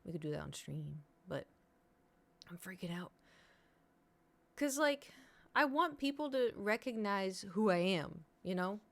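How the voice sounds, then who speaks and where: A woman's voice: medium pitch, lively intonation, a little slow, creaky, pauses often. A woman streamer, rambling in casual chat to her viewers and cursing now and then. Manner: rambling, restless, swears casually.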